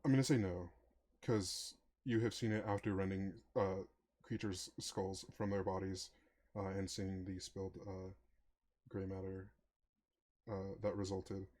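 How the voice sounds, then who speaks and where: A man narrating as game master of a tabletop game, talking with many pauses and fillers. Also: sits low, flat delivery, a little mellow. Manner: hesitant, many ums and uhs.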